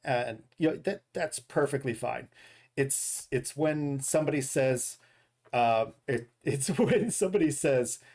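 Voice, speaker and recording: A man's voice: medium pitch, unhurried, a little mellow. A man streaming a game, chatting casually and reading dad jokes, often correcting himself and chuckling at his own jokes. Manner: reads dad jokes aloud. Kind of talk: casual live stream chat.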